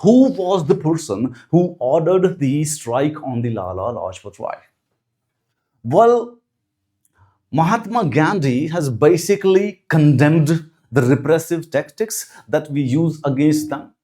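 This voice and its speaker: A man voicing a pompous British colonial-era official in a fake British accent, speaking slowly and loftily. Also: fairly high pitch, sing-song, dark tone. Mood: lofty. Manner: slow, lofty, self-critical speechifying.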